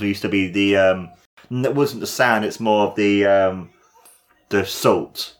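Gushing young man, lowish voice. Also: moderate pace. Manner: gushing, laughs often while talking. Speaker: reaction video host. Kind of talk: casual reaction commentary.

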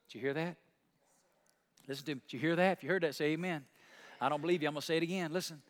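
A man preaching a sermon as pastor of his church. He repeats key phrases, calls on the congregation to answer back, and swings from soft, drawn-out words to loud, high declarations.

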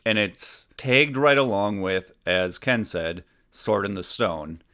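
A man with a bright, forceful voice chats casually as a podcast co-host. His pitch sits a little low, and he winds through loose anecdotes and pokes fun at himself. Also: expressive, takes it slowly. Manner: rambling, self-mocking anecdotes. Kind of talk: casual chat.

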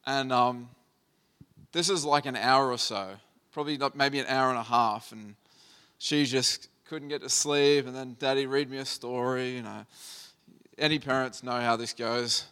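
Man, 30s, pastor, sermon, conversational storytelling, smooth clear voice, mid pitch. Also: unhurried, pushed and bright.

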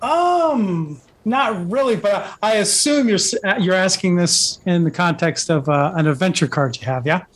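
High-voiced male game master, loose and rambling delivery. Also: animated, normal speed, hardly any pauses. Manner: rambling, with many fillers and restarts. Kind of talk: narrating a tabletop game.

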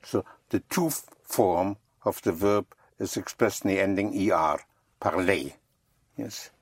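A language teacher talking slowly and patiently, with a slightly husky voice. Words get spelled out letter by letter. The sound is dry and close. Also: low-pitched, no room sound. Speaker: French teacher. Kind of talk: slow one-on-one language lesson.

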